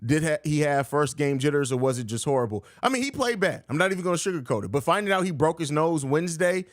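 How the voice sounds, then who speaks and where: A young man hosts a live sports podcast, reading viewer questions and answering bluntly with jokes while calling people "bro" a lot. His voice is fairly high, animated, and fast, captured in studio quality with no room sound.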